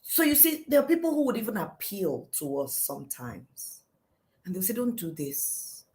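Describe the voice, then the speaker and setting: This is a middle-aged woman who is teaching a devotional lesson. She tells stories in an animated way and plays out what people said. Her voice sits at an ordinary pitch for a woman. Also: normal speed. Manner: lively storytelling, acting out quotes with shouts and laughs. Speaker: teacher leading a daily devotional series. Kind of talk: teaching a devotional talk on scripture.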